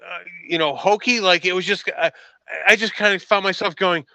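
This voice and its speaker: Podcast co-host, man, very bright high voice, stammering in frustration, dry close sound. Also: fairly even intonation, fairly quick, dry recording, poor audio. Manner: exasperated, stammering rant. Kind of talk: casual movie discussion. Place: room at home, late evening.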